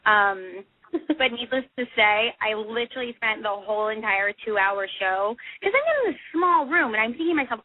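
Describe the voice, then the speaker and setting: A woman's voice: a little high, brisk, no room sound. A young woman telling a story as a podcast guest, giggling and acting out the voices of the people in it. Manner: giggly, animated, acts out quoted voices. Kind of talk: excited storytelling in a podcast chat. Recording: tinny phone line.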